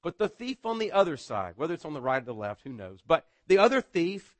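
Conversational pastor with a fairly high voice. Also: male voice, big pitch swings, brisk, no echo. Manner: conversational, repeats words, often asks "right?". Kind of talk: sermon.

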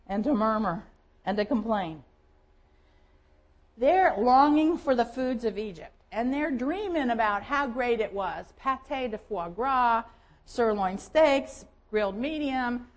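A woman's voice: fairly high pitch, rough recording. A woman pastor with a Southern American accent preaching a sermon, telling Bible stories vividly and acting out quoted voices. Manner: storytelling, lively, acts out quoted voices.

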